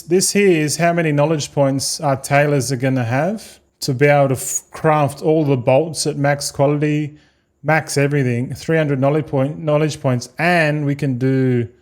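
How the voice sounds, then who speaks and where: A fairly high-voiced Australian man talks to his stream viewers in a loose, rambling way. He swears freely and calls everyone "mate" and "boys", drifting from one thought to the next. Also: darkish tone. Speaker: game streamer. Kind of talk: casual live-stream chat.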